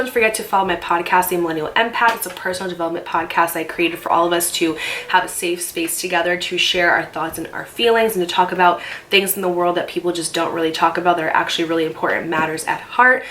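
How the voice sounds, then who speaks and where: A young woman telling a personal story in a casual vlog, animated and emphatic, swearing freely. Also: fairly low pitch, fast.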